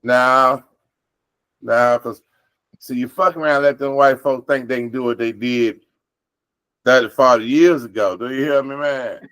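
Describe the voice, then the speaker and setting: A man's voice: mid-range voice, steady tone, measured pace, long pauses, fairly bright tone, clear, resonant tone, no room sound. Memphis man, insistent, keeps asking if he's heard, casual talk. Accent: Memphis, Southern US. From Memphis, Orange Mound. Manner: insistent, repeats "do you hear me". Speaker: podcast co-host. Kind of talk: casual conversation.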